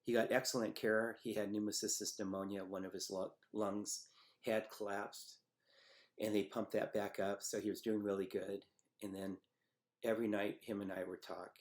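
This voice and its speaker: Low-voiced man recalling a painful memory. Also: flat delivery. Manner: halting, reflective, many pauses and fillers. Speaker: storyteller recounting a personal memory. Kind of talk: personal testimony.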